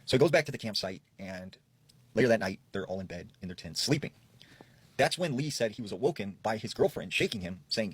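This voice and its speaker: A man's voice: quick pace, husky, no room sound. A man casually retelling creepy campfire stories, dropping his voice to quote people. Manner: relaxed retelling, quoting people in a lowered voice. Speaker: storyteller. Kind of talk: casual spoken storytelling.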